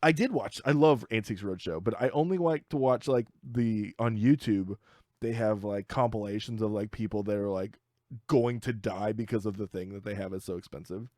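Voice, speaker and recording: A man's voice: lowish voice, moderate pace, dark tone, no room sound, clean studio sound. A man co-hosting a podcast in casual chat, rambling and joking, acting out the people he quotes. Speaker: podcast co-host. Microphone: studio mic.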